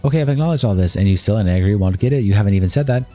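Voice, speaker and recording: A man streaming live, reading out both sides of a long text-message argument in a flat reading voice. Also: lowish voice, racing, faint music behind.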